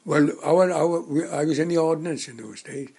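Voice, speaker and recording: Husky-voiced man in his nineties. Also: a little high, mellow. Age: 90s. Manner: rambling, halting storyteller with many restarts. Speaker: interviewee. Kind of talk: reminiscing in casual conversation.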